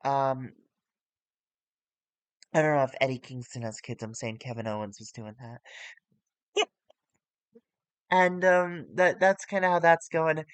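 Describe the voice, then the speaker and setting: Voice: medium pitch, slow pace, pauses often, clean tone, no room sound. A streamer giving casual, rambling commentary with self-corrections while playing a wrestling management game on a close mic.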